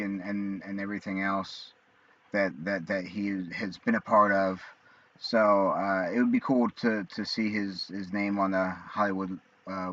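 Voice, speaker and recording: Guy in his 40s chatting alone, lots of ums and restarts, bright tense voice. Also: lowish voice. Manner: rambling, halting with many fillers and restarts. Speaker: vlogger. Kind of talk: casual monologue. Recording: dull lo-fi sound.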